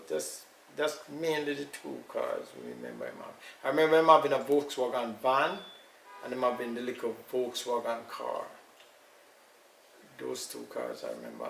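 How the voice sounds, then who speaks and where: An older man with a Jamaican accent, recalling his family's past in an unhurried, storytelling way during an interview. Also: mid-range voice, expressive, creaky, a bit bright. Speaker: elder being interviewed. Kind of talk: casual recollection. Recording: echoey room, far from mic, faint noise.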